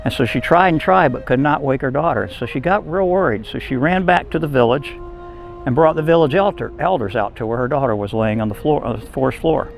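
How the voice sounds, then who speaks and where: A man's voice: medium pitch, a little fast, vocal fry. Folksy man telling a story. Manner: casual, folksy storytelling with restarts. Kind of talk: telling a folk tale aloud.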